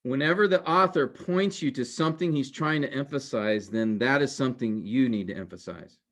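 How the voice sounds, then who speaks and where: A man's voice: mid-range voice, normal speed, fairly bright tone. A man teaching a Bible class in a recorded lecture, explaining step by step and asking rhetorical questions. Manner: explanatory, addresses class as guys and men; repeats points with rhetorical questions.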